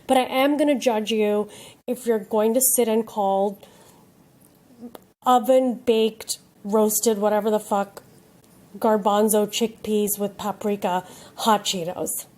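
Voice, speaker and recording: A woman's voice: mid-range voice, fairly even intonation, a little slow, dark tone. A woman in her late thirties hosting her own podcast, talking in a casual, ranting way and swearing freely. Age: 30s. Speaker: podcast host. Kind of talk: casual chat.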